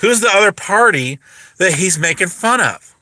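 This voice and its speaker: A man's voice: high-pitched, lively intonation, moderate pace, pushed and bright, no room sound. Sarcastic man ranting to his live chat. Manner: sarcastic, mocking, talks straight to chat; rambling with frequent restarts and stumbles. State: voice getting dry. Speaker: livestream host. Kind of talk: casual livestream rant to chat.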